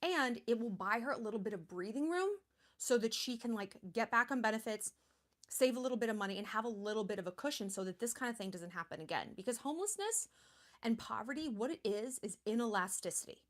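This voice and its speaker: A woman's voice: on the high side, expressive, quick pace. A woman in her thirties hosting a charity livestream, talking in a chatty, blunt way with lots of fillers. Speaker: livestream host. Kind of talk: casual livestream talk.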